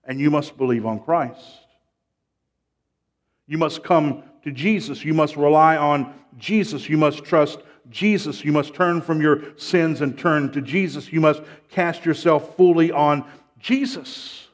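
Slow, emphatic male preacher. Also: fairly high pitch. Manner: emphatic preaching, swells from hushed to loud; repeats phrases, calls for amen. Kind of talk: sermon.

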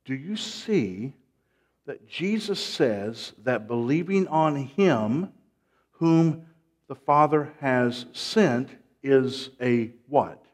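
A man preaching a sermon. He repeats his phrases, calls for amens and swings from hushed lines to loud, rising ones. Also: medium pitch, animated, very slow.

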